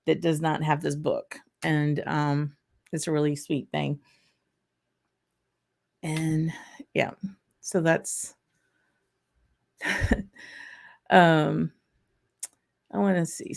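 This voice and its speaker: Chatty Southern woman, low voice. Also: creaky. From Arkansas. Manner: chatty and rambling, with frequent fillers and laughter. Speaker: livestream host. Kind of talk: casual livestream chat reading viewer comments.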